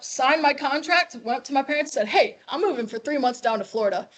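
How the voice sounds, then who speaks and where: Lively young woman telling her story. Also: high-pitched, a little fast, hardly any pauses. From Chicago. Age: 20s. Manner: lively, acts out quoted dialogue. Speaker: guest speaker. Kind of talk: storytelling talk to a class. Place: classroom.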